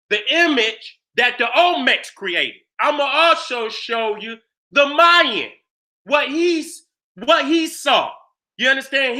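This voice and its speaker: Guy going off in a lecture, super high sharp voice, cussing, keeps asking y'all if you follow, yells to make a point. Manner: emphatic and profane, constantly checking in with listeners; bursts into shouts for emphasis. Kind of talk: fiery presentation.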